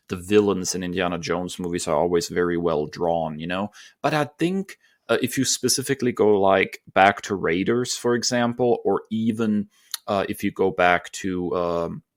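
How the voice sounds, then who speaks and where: A man hosting a casual podcast, talking in a relaxed way with frequent fillers. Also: low voice. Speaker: podcast host.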